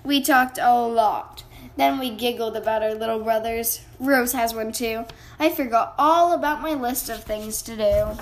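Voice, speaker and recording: High-voiced woman reading to kids. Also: unhurried. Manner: bright, animated. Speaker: storybook reader. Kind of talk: children's read-aloud.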